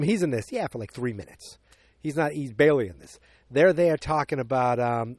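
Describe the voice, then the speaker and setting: A man's voice: medium pitch, normal speed, darkish tone, dry recording, clean studio sound. A man hosting a podcast, casually recapping a movie plot in a rambling way, full of fillers and acted-out quotes. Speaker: podcast host.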